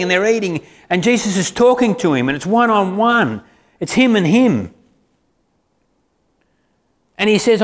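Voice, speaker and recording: A man preaching a sermon in a conversational way, asking the congregation questions. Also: sits high. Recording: reverberant hall.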